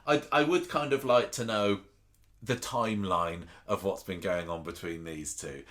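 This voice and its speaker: A man's voice: low voice, moderate pace, a bit bright. A man co-hosting a casual podcast chat, rambling with frequent restarts and chuckles. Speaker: podcast co-host. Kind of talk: casual chat about a soap opera.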